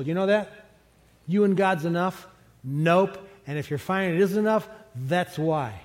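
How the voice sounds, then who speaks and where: A middle-aged man preaching a sermon as pastor, conversational and animated, chuckling now and then. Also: sits high, normal speed. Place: large church sanctuary. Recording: long hall reverb from a church sanctuary.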